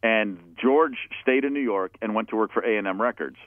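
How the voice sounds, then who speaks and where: A man's voice: lowish voice, brisk, no echo. A man in his fifties from Atlanta, telling stories from his band's early days in a candid, profane, casual way, often acting out what people said. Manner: candid, profane, acts out quoted voices. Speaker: musician guest. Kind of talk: casual storytelling interview. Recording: tinny phone-like line, dry.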